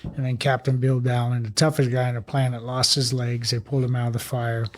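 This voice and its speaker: Older man, retired fire chief as guest; mid-pitched, rambling and blunt, swears casually, pokes fun at himself. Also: flat delivery, brisk. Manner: rambling, blunt, salty, self-deprecating. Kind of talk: storytelling interview talk.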